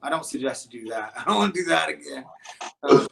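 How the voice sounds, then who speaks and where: A man from the United States, a touring rock musician, telling stories as an interview guest, animated and full of restarts and fillers. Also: a little high, brisk, creaky. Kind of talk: casual interview storytelling.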